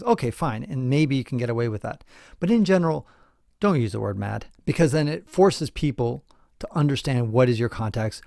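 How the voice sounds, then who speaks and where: This middle-aged podcast host has a warm, gravelly mid-range voice and speaks animatedly at a moderate pace. Casual but emphatic, he explains things, quizzes his listeners and chuckles from time to time, with studio quality and no room sound.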